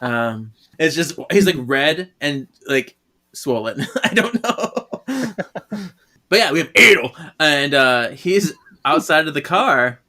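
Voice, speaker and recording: A man's voice: fairly high pitch, big pitch swings, slow, pushed and bright. A man co-hosting a podcast in casual chat, enthusiastic and laughing often. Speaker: podcast co-host.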